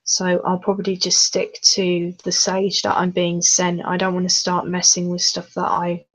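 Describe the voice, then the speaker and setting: A woman hosting a casual chat over a video call, talkative and quick to giggle. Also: on the low side, monotone, fairly bright tone, rough recording. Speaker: channel host.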